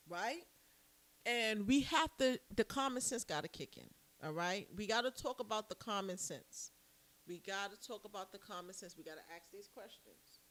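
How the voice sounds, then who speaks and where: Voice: medium pitch, dry recording. A podcast host in a studio giving a casual monologue. The host stresses points by repeating phrases and often adds tag questions and fillers. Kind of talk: casual talk-show monologue.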